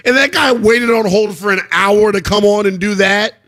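A man hosting a sports call-in radio show, talking in animated, lively bursts and breaking into loud laughter. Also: sits high, moderate pace, no room sound, studio quality.

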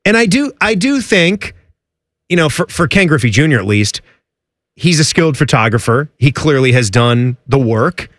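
A man's voice: moderate pace, no echo, clean studio sound. A man co-hosting a sports radio show in casual, joking chat. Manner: animated, jumps high in pitch when joking.

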